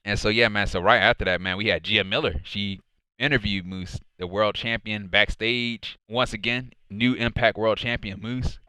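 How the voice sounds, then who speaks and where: Fan-reviewer guy, loose rambling recap, bright forceful tone, close and dry. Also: lowish voice, fairly even intonation, normal speed, clear, resonant tone, no room sound. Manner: rambling, heavy on "and so, yeah, man" fillers. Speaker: wrestling show reviewer. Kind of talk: casual recap commentary.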